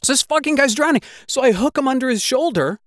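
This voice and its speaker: A man with a very high, expressive voice and a fairly bright tone speaks fast, swearing constantly as he breathlessly retells a gripping personal story. He gets worked up, and his delivery turns heavy with emotion at times. The recording is dry and close, with no echo or room sound.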